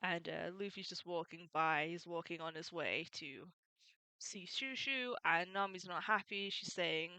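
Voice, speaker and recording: A woman's voice: fairly low pitch, measured pace, pushed and bright, smooth, dry recording, low-quality recording. A woman retelling a comic story in a casual, chatty way, adding opinionated and fond asides. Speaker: manga recap YouTuber.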